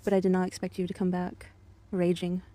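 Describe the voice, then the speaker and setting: A woman's voice: fairly low pitch, monotone, very fast, mellow. A woman in an angry, profane monologue aimed at an ex-partner, bitter and contemptuous but controlled. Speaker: vlogger.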